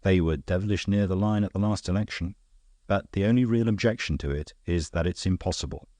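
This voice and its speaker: A deep-voiced, worldly gentleman detective, as a man reads him aloud, explaining himself in a calm, dry, knowing way. The audiobook sound is close and dead, with no room around it. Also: brisk, no echo, natural voice. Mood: wry.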